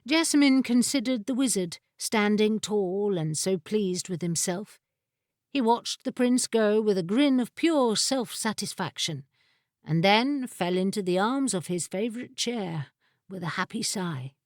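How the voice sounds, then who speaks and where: Slow, measured woman narrating a story. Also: medium pitch, animated, dry recording, studio quality. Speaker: audiobook narrator. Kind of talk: scripted audiobook narration.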